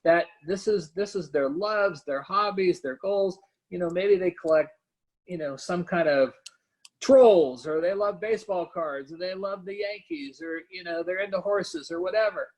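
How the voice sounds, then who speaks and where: A man's voice: sits high, normal speed, a little mellow, rough recording. A man, a company founder and CEO, talking candidly and personally in a webinar conversation, filling gaps with "you know" and "right?".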